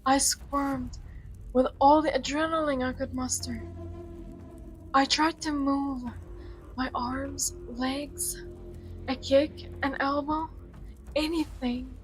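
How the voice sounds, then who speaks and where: High-voiced woman reading a visual novel. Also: fairly even intonation, slow, long pauses, soft background music. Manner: dramatic reading mixed with joking commentary. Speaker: gaming YouTuber.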